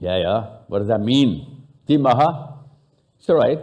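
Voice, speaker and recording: A man's voice: medium pitch, lively intonation, a little slow, darkish tone. A man from Pakistan with a Pakistani accent, giving a live talk to an audience and bantering with them, switching into Urdu and Hindi. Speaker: speaker.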